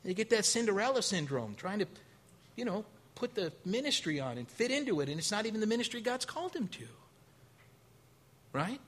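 A male pastor preaching a sermon, telling stories with acted-out quotes, rising to loud, high bursts and dropping to quiet, low stretches. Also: sing-song, fairly quick. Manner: storytelling with acted quotes and a casual, folksy delivery.

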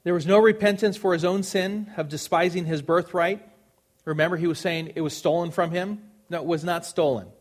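A man's voice: high-pitched, fairly even intonation, fairly quick. A man preaching a sermon, earnest and emphatic, repeating phrases for stress.

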